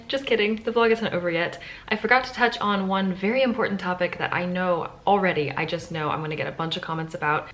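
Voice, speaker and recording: A woman's voice: mid-range voice, a bit bright, a little hiss or hum. A woman talking casually to camera in a hotel room, chatty and enthusiastic as she thinks aloud. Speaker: travel vlogger. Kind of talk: casual vlog talk to camera.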